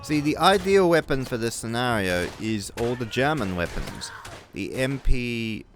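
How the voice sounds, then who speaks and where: A man's voice: medium pitch, big pitch swings, a little slow, soft background music. A young New Zealand man with a New Zealand accent, rambling and swearing through gameplay commentary, with angry outbursts. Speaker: gaming video creator.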